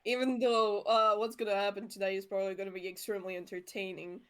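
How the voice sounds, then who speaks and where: A woman's voice: mid-range voice, fast talker, clear, resonant tone. A woman player chatting casually during a tabletop game. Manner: laughing, relaxed. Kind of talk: casual chat.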